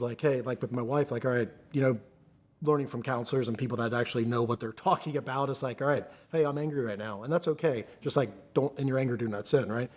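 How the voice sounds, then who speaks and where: Earnest, halting man in conversation. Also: mid-range voice. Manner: earnest, halting, restarts often. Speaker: podcast guest. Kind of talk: candid conversational interview.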